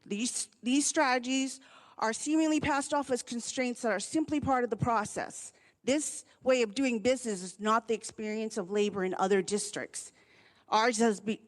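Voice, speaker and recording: A union chapter vice president and occupational therapist giving an earnest public comment at a board meeting. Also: female voice, on the high side, moderate pace. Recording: long hall reverb.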